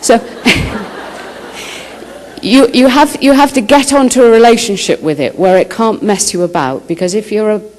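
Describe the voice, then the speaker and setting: A woman author answering students' questions, telling stories in a lively way and acting out the quotes. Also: mid-range voice, unhurried. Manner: lively storyteller who acts out quotes. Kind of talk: school talk answering questions. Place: high school.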